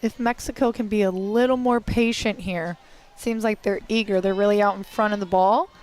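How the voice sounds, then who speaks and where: A color commentator in a softball broadcast, breaking down the play and teasing the partner. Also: medium pitch, fairly even intonation, moderate pace. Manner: teasing, analytical. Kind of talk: sports commentary.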